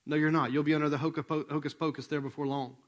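Rapid-fire and conversational, a male preacher tells a story as his sermon, with a voice a bit higher than most men's. He animatedly performs the remembered dialogue of the people involved, and his voice sinks almost to a hush when the moment becomes tender.

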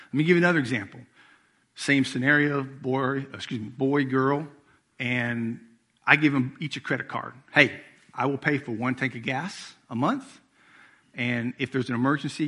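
A man's voice: mid-range voice, a bit bright, husky. A middle-aged man preaching a sermon as executive pastor, telling family stories in a casual, conversational way. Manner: storytelling with acted-out quotes, conversational.

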